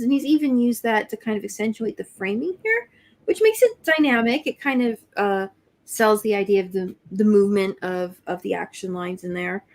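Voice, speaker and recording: A woman co-hosting a casual livestream chat, giving thoughtful and detailed comments on artwork. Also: on the high side.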